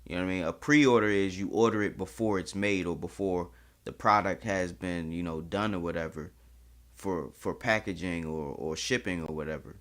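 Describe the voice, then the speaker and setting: A man with a deep, low voice hosting a reaction video. He talks in a candid, chatty way and swears freely. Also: normal speed, a bit bright. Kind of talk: casual reaction commentary.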